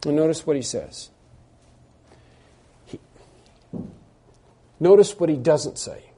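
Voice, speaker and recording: A man's voice: fairly high pitch, animated, brisk, mellow, husky. A man preaching an expository sermon, reading scripture aloud and explaining it with earnest emphasis and frequent restarts. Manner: hesitant restarts and asides. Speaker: pastor.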